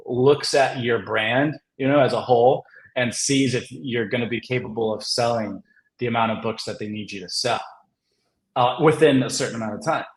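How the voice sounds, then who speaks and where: A man, a comic writer and guest, telling a story in a casual, rambling way, filling it with "like" and laughing often. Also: medium pitch. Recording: roomy echo.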